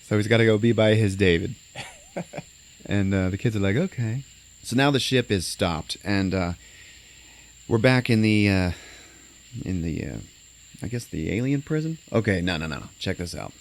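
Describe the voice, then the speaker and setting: Man, lowish voice, loose podcast recap host, rambling, tosses in voices for scenes. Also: expressive, normal speed, pauses often. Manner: rambling, many fillers, acts out quotes. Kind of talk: casual movie recap chat.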